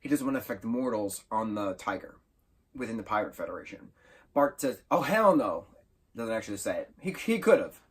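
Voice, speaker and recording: Husky man rambling through a book review. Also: on the low side, lively intonation, a little fast. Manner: enthusiastic, rambling, with self-corrections. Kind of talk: casual spoken book review.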